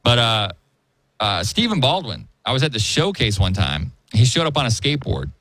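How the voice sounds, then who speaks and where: Male podcast host, animated storyteller, very expressive pitch, dry close mic. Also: moderate pace, no echo. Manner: animated storyteller, jumps into high-pitched impressions. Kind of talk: casual chat and storytelling.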